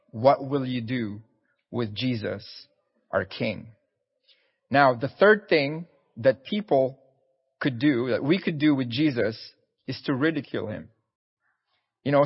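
A man's voice: mid-range voice, breathy edge, in a large hall, highs cut off. A man preaching a sermon in an earnest, pleading way, often repeating his words.

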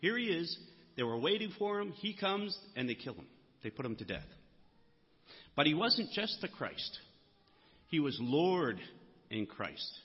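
A man preaches a sermon in a big, echoing church hall, and his voice comes across husky and a little muffled. His delivery is earnest, and he lifts his voice to stress the key words. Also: on the high side, very animated, a little slow, long pauses. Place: church sanctuary. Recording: muffled sound with long hall reverb.

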